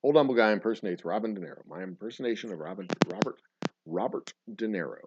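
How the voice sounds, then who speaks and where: A man's voice: lowish voice, expressive, quick pace, very noisy. A man hosting a casual live stream, chatting loosely with viewers in a rambling, profane way and often correcting himself mid-sentence. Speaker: livestream host. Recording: dull lo-fi stream audio.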